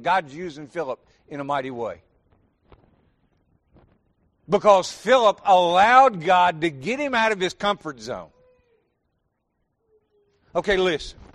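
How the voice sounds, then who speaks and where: A man's voice: high voice, fairly bright tone. A middle-aged pastor with a Southern accent, preaching a folksy sermon and quizzing his congregation directly. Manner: folksy, addresses congregation with questions and "y'all".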